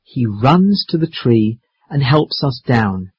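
Slow storybook reader, husky breathy voice, lively pitch, dull dry recording. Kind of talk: children's story reading.

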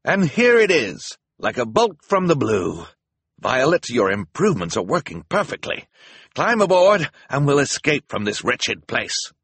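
A man voicing an excitable male handyman inventor who calls out slowly and emphatically. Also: mid-range voice, breathy edge, no echo, exaggerated voice. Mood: triumphant. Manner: loud, slow, emphatic calling out.

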